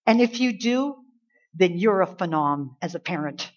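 A woman pastor delivering a sermon, building to emphatic peaks and dropping to soft, earnest tones. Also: on the low side, expressive, moderate pace. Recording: dull lo-fi church recording.

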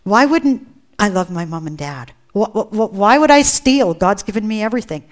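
A woman's voice: mid-range voice, expressive, normal speed. A woman preaching a sermon, earnest and emphatic, often asking rhetorical questions.

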